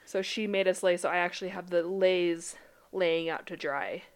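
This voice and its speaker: A young woman from Utah, a podcast co-host chatting casually, animated and laughing often as she tells stories. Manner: animated storyteller, laughs often, quick bursts of rising pitch. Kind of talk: casual chat.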